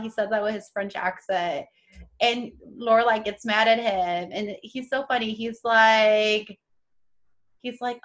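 Young woman podcast co-host, slightly high voice, chatty and animated. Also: a little slow. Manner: chatty, animated, acts out quotes with many "like"s. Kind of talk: casual chat about a TV show.

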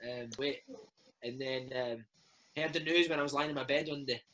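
A Scottish man in his thirties, a former footballer, telling lively anecdotes in a casual interview, calling the listener "mate" and "man". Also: medium pitch, moderate pace, slight background noise, rough recording.

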